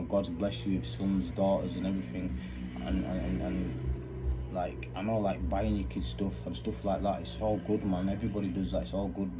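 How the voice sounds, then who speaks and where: A man's voice: low voice, background noise. A man, talking earnestly in rambling street slang about fatherhood. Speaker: vlogger. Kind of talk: candid monologue.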